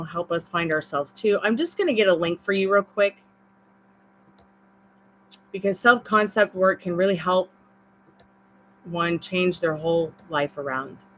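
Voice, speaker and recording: A woman's voice: lowish voice, fairly bright tone, slight background noise, rough recording. A woman with a Southern accent gives a live-streamed tarot reading in a chatty, encouraging, rambling way. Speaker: tarot reader.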